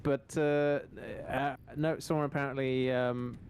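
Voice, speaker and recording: A man's voice: mid-range voice, level tone, measured pace, a little mellow, slight background noise. A young man streaming a game, chatting casually in a rambling way and acting out quoted lines in funny voices. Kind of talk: casual chat while gaming.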